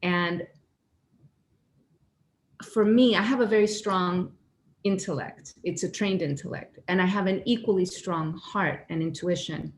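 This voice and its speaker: A woman telling a personal spiritual story in an earnest, animated way, acting out her own inner voices. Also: fairly low pitch, unhurried, long pauses, slight background noise. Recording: echoey room with faint ambience.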